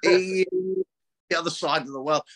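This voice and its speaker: A man's voice: a little high, moderate pace, fairly bright tone. A man, talking casually on a podcast, rambling, swearing and laughing often. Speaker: podcast guest.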